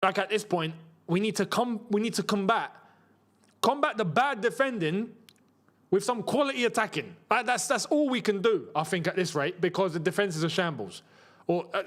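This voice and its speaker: A young man hosting a live football watchalong, reacting with frustration and bursts of excitement. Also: high-pitched. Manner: frustrated, animated, swings between muttering and shouting. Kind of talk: live match watchalong commentary.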